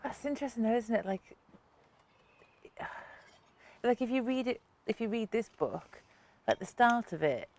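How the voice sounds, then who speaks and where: A woman's voice: a little high, lively intonation, measured pace, pauses often, darkish tone. A woman co-hosting a podcast, chatting casually outdoors in a back garden and asking encouraging follow-up questions. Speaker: podcast co-host. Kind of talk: casual chat.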